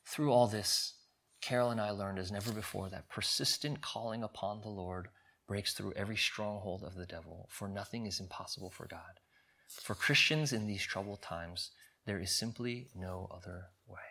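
A male pastor preaching and reading a story aloud with earnest drama, often dropping to a hush. His voice is bright and forceful. It sits fairly low in pitch. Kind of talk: sermon with story read aloud.

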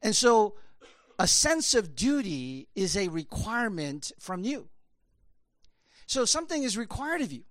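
A man's voice: high-pitched, very animated, unhurried, fairly bright tone, no echo, clean studio sound. A man preaching a conversational sermon, rambling with many fillers. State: choked up, emotional. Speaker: pastor.

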